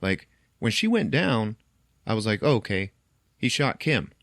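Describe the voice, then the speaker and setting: Deep-voiced man recapping a film. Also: measured pace, dry recording, studio quality. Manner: animated storytelling, acts out characters' lines and laughs often. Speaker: podcast host.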